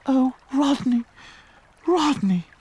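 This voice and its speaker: A man voicing a melodramatic leading lady in a costume drama, breathy and gushing. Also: very high-pitched, expressive, slow, darkish tone, pitched above the performer's own voice, exaggerated voice. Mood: swooning.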